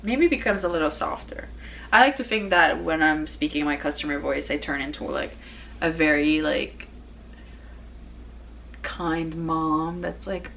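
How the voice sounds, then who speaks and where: A young woman talks casually as the host of her own show. Her voice sits a little low, and a faint hum of ambience lies behind her. She rambles easily, restarts sentences often and laughs readily. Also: normal speed, vocal fry, fairly bright tone, poor audio. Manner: rambling, chatty, many fillers and restarts. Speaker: podcast host. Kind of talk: casual personal chat.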